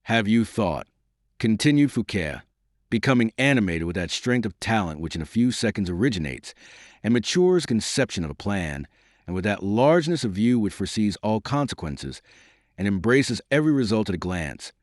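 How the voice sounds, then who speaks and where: A man giving scripted audiobook narration in a measured, expressive storytelling manner. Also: fairly low pitch, no room sound, studio quality.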